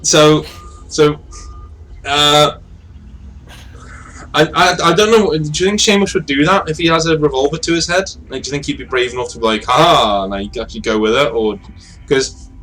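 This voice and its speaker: A man's voice: a little high, fairly bright tone, low-quality recording. Rambling man running a tabletop game. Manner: loose, rambling with fillers. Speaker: game master.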